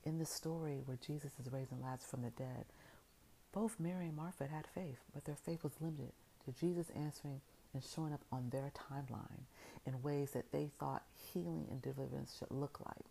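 A woman with a remarkably deep, gravelly voice delivers an inspirational faith talk. Her tone is mellow and warm, with a faint hiss behind it. She builds her message through repeated, stacked phrases. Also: steady tone, a little fast, low-quality recording. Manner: storytelling retelling of scripture. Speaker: motivational speaker.

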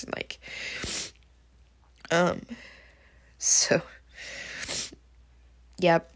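This woman's lowish, gravelly voice holds a steady tone at a normal speed. A teacher, she talks through a hard week in a personal diary recording, rambling with lots of fillers and sharing her feelings openly in an emotional, confessional way.

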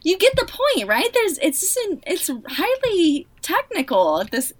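A woman co-hosting a casual podcast, chatty and expressive, full of fillers. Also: very high voice, unhurried, far from the mic. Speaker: podcast co-host.

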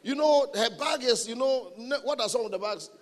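A man preaching a sermon as a guest speaker at a church gathering. He is animated and humorous, and he repeats his key phrases for emphasis. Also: extremely high pitch, a little fast. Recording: long reverb of a large hall.

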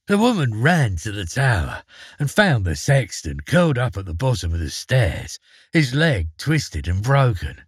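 A husky-voiced man tells a fairy tale at a measured pace, his pitch rising and falling with lively, expressive storytelling. The recording is close and dry, with no room sound or echo.

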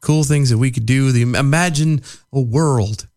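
A man's voice: medium pitch, moderate pace, darkish tone. A man co-hosting a podcast, chatting casually, sarcastic and exasperated. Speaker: podcast co-host. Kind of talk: casual political banter.

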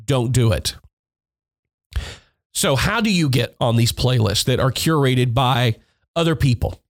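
A man's voice: medium pitch, animated, a little slow. A man hosting a music industry podcast, giving blunt, emphatic advice, repeating points and swearing. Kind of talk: instructional podcast monologue. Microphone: podcast mic.

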